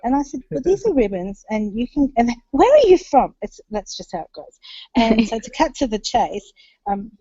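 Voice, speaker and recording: A woman's voice: on the high side, lively intonation, moderate pace, mellow, breathy edge, dry recording. A woman with an Australian accent, chatting casually and laughing as she tells stories from a conference. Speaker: conference attendee reporting back. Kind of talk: casual chat on a video call. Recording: dull lo-fi web call audio.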